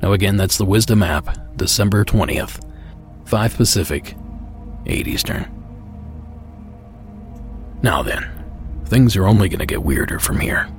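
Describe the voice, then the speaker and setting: A man hosting a paranormal podcast, reading announcements in a measured, announcer-like way. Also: low voice, animated, soft background music. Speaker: podcast host. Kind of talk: scripted announcements.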